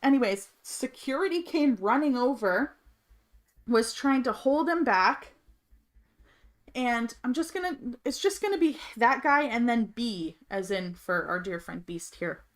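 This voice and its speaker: A woman telling a story in casual, colloquial, animated talk on a livestream, swearing freely. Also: a little high, a little slow. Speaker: streamer's wife, co-host of a gaming livestream.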